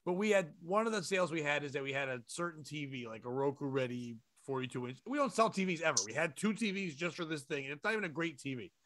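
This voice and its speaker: A man's voice: fairly high pitch, fast talker, few pauses, a little hiss or hum. A man co-hosting a casual comedy chat, telling stories and acting out the people in them. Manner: animated storyteller who acts out shouting customers. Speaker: podcast co-host.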